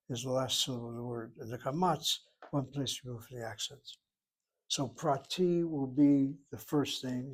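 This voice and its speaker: A man giving a recorded Hebrew lesson, slowly explaining syllables and vowel marks. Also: mid-range voice, husky, low-quality recording. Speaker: Hebrew teacher. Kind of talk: recorded independent-study lesson.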